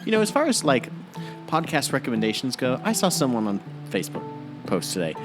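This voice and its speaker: A man's voice: medium pitch, wildly swooping pitch, brisk, over music. A man co-hosting a podcast, joking around in casual, playful banter. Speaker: podcast co-host.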